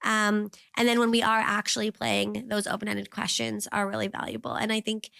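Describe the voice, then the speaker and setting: Gravelly-voiced woman chatting about parenting. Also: mid-range voice, flat delivery, fairly quick, fairly bright tone, dry recording, clean studio sound. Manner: rambling, reflective, many fillers. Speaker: guest, parent. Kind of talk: casual conversational interview.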